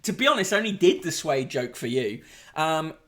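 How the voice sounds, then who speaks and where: A man's voice: on the high side, very animated, a little fast, a bit bright. A man hosting a casual live-streamed newspaper review, sardonic and rambling, with lots of ums and uhs. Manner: sardonic, rambling, with frequent fillers. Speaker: host.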